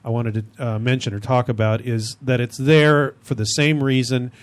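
A man's voice: medium pitch, fairly even intonation, normal speed. A man hosting a casual chat about comedy, rambling with many restarts. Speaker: host.

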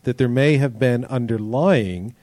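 A man co-hosting a talk show, speaking in a thoughtful and measured way at a mid pitch. The sound is dry and close to the mic, with no room around it. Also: darkish tone, no room sound. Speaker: podcast co-host. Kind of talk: casual panel discussion.

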